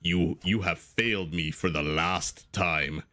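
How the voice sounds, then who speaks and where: A man putting on a slow, grave impression of a menacing male villain. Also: bright, forceful tone, heavily acted. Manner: slow, grave, lowered delivery.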